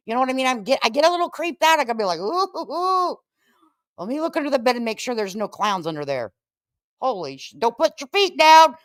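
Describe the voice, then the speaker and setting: A woman hosting a casual live-stream commentary, sassy and animated, calling people honey and cupcake. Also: fairly high pitch, dry recording, studio quality. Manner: sassy, animated, Southern-tinged endearments.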